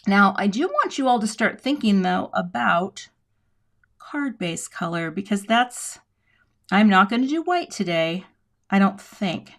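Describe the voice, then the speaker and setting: A middle-aged woman running a casual crafting livestream, talking to her viewers in a relaxed, rambling way as she works with her hands. Her voice sits at an ordinary middle pitch, and she thinks aloud and jokes along as she goes. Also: unhurried. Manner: chatty, thinks aloud while working, talks to viewers. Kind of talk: casual live demo chat.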